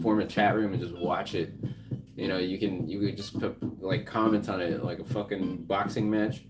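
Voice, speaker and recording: A man livestreaming, chatting loosely and profanely with his viewers, laughing often. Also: on the low side. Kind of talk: casual livestream chat.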